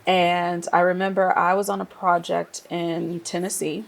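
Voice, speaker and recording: A woman from Nigeria, an interior designer, telling her career story in a casual, lively way and laughing often. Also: lowish voice, a little slow, vocal fry, a little hiss or hum. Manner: lively, laughs often, acts out quoted voices.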